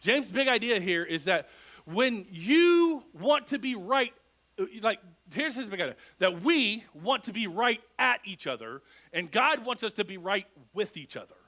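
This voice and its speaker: Animated bright-voiced man preaching. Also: sits high, unhurried, low-quality recording. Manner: animated, asks the crowd rhetorical questions. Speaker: pastor. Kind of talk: conversational sermon. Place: church.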